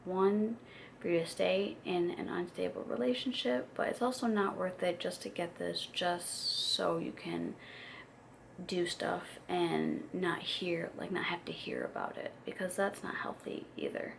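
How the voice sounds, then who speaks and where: A young woman in her twenties talks straight to the camera in a loose, confessional vlog chat, candid and full of fillers. Her voice has a gravelly, fry-tinged edge. A faint hiss of background noise runs under the recording. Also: lowish voice, big pitch swings, measured pace. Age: 20s. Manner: candid, chatty, many fillers. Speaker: vlogger.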